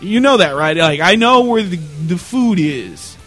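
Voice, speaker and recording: A man co-hosting a casual podcast, telling stories in a loose, profane, animated way. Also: sits high, a little slow, soft background music. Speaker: podcast co-host. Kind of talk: casual chat.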